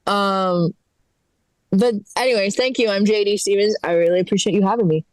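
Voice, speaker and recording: A woman's voice: medium pitch, normal speed, no room sound, rough recording. A woman doing a stand-up set in a comedy club, sarcastic and exasperated as she acts out fussy callers.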